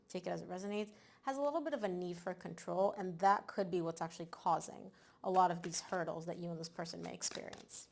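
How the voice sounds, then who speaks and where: A woman giving a casual tarot reading to camera, animated and emphatic, often repeating words for stress. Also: mid-range voice. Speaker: tarot reader.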